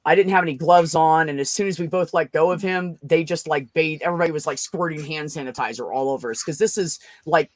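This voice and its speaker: A woman hosting a casual group chat, telling a story in an animated, profane way. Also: deep voice, fast, hardly any pauses, dry recording. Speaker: show host.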